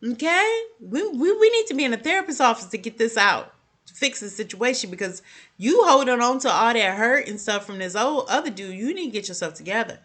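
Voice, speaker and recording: An animated young adult woman recaps TV episodes in a casual vlog, speaking straight to her viewers. Her voice is bright and forceful, and her pitch leaps up whenever she reacts. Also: brisk. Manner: jumps high in pitch when reacting. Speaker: TV show reviewer.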